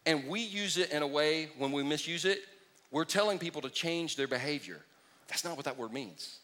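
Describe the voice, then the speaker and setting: Male pastor, middle-aged, bright and high, animated sermon delivery with comic impressions. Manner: animated, joking, mocking impressions.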